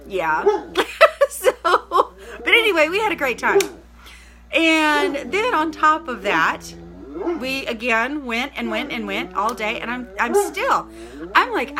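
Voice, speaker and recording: A middle-aged woman, chatting casually to camera in a rambling, excited way, full of "like" and "literally" and greeting viewers by name. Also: high-pitched, takes it slowly, a crowd in the background. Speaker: vlogger.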